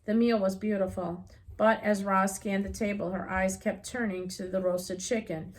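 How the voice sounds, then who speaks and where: A woman reading a children's novel aloud as an audiobook reader, unhurried and gently expressive. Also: medium pitch.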